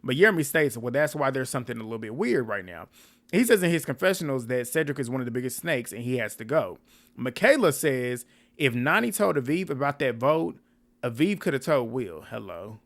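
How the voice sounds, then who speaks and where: A man talks through a reality TV episode in a casual, animated way, often laughing and sounding exasperated as he repeats what the cast said. His voice sits at an ordinary middle pitch, and the delivery feels like an off-the-cuff reaction video. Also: fairly quick. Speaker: reality TV recap host.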